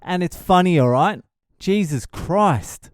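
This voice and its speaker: Man, comedian podcast host, profane comic storytelling, blunt, laughs at own jokes, smooth resonant voice, dry close recording. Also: high-pitched, lively intonation, slow pace, no room sound. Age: adult father of a young child.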